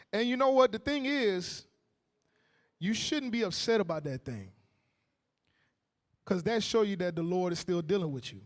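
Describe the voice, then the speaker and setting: A man teaching the Bible in a casual, joking, animated way, often acting out voices. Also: sits high. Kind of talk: street-style Bible teaching.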